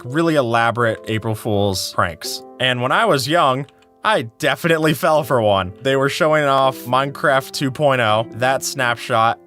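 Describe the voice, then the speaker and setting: A man's voice: medium pitch, fairly bright tone. A young man telling casual personal anecdotes in a chatty way, full of "like"s and acted-out quotes. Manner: chatty, many "like"s, acts out quoted voices. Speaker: storyteller.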